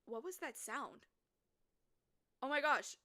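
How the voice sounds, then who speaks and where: A woman streaming a story game, reading it aloud and chatting with viewers, quick to burst into excited exclamations. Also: high-pitched. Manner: excitable, breaks into squeals and exclamations.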